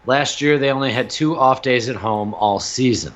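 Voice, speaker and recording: A man in his thirties co-hosting a sports podcast, explaining things in a relaxed, casual way. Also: medium pitch, normal speed, lo-fi sound. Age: 30s. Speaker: podcast co-host.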